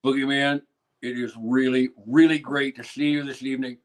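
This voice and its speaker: A man's voice: medium pitch, little pitch movement, moderate pace, poor audio. A man from the Midwestern United States, a guest on a playful live-stream chat, speaking in a mock-earnest way.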